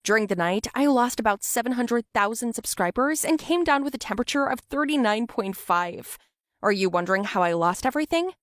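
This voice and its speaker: Young woman, cartoon story narrator, slightly high voice, dry close voice-over. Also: animated, fairly quick, dry recording.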